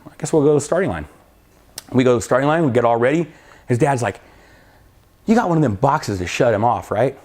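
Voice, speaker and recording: A middle-aged man tells a story in an easy, casual way at an ordinary pitch. He jumps into the other people's lines as he goes, keeping the anecdote lively. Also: fairly quick, long pauses. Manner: animated anecdote telling, acting out both sides of dialogue. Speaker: drag racing school owner and crew chief.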